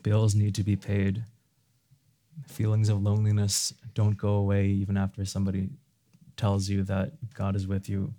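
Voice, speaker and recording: A man's voice: lowish voice, completely flat delivery, normal speed, mellow. Earnest male preacher delivering a sermon. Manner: earnest, rising to fervent emphasis on key phrases.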